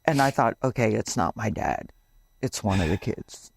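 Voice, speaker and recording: A woman talking as an interview guest about a painful memory, soft and searching for her words. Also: rumbling low, expressive, normal speed, vocal fry, slight background noise. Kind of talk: emotional personal storytelling.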